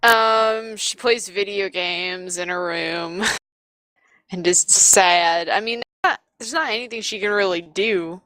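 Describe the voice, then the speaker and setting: A woman player in a tabletop role-playing game, describing her character in a deadpan way. Her voice is bright and sharp, recorded dry and close with no room echo. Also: mid-range voice, slow pace.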